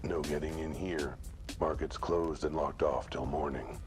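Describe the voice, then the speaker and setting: A man's voice: extremely low pitch, steady tone, measured pace, music in the background. An actor voicing a down-on-his-luck male cat detective, with a dry, sardonic delivery in a video game. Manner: dry, sardonic inner monologue.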